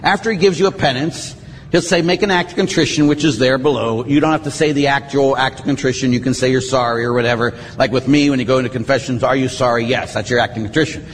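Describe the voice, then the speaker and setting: A middle-aged Catholic priest giving a conversational teaching on confession, acting out what penitents say in a lively, plain-spoken way. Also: male voice, medium pitch, fast, long reverb tail, slight background noise.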